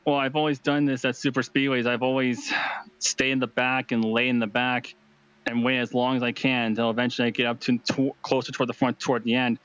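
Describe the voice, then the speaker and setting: A man being interviewed after winning a sim race, talking excitedly and rambling with fillers. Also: mid-range voice, a little fast, clean tone, no echo, lo-fi sound. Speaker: race winner.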